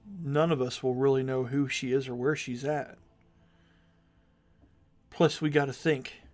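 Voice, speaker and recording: A man doing a calm, reassuring male companion. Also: medium pitch, a little slow, natural voice.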